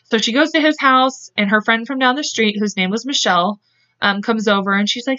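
A woman's voice: fairly high pitch, moderate pace, a bit bright. A woman hosting a podcast, telling a true-crime story in casual chat and acting out the quotes in voices. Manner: acts out quotes with voices, laughs often. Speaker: podcast host. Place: home. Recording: dull lo-fi podcast mic.

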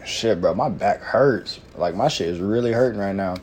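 A man's voice: on the low side, normal speed, a little mellow, slight background noise. A young man casually telling a personal story, full of slang, swearing and "bro", rambling with fillers. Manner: slangy, profane, says "bro" constantly.

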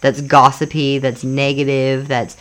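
An emphatic podcast co-host who speaks in a mid-range voice, neither high nor low. The talk is casual and opinionated, full of "like" fillers, with quoted voices acted out. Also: level tone, measured pace, fairly bright tone.

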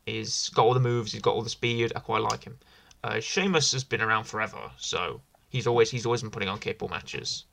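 A man's voice: fairly low pitch, expressive, brisk, gravelly, hardly any pauses, a bit bright. A man hosting a casual wrestling review podcast, rambling and enthusiastic, often repeating himself. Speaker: podcast host.

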